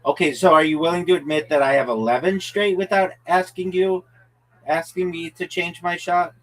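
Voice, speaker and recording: A man's voice: high voice, fairly even intonation, normal speed, a bit bright, poor audio. A man hosting a casual game stream with friends, brash and profane, boasting to viewers like a mock announcer. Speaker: host. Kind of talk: casual chat while playing a game with friends.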